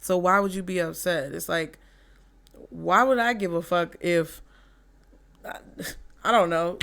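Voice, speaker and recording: Reading tarot casually, a woman speaks a little slowly in a fairly low, fairly even, slightly bright voice with vocal fry, pausing often. Chatty and freely profane, she mimics quotes in mock voices, laughs, trails off and restarts sentences.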